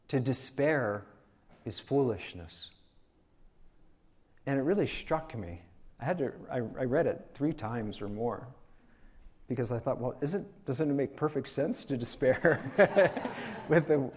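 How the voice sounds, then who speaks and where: A man delivering a Sunday sermon at a measured, unhurried pace, his pitch sitting in an ordinary middle range. He speaks reflectively, weaving personal anecdotes into his teaching with an easy, gentle humor. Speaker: minister giving a Sunday talk. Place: spiritual community service.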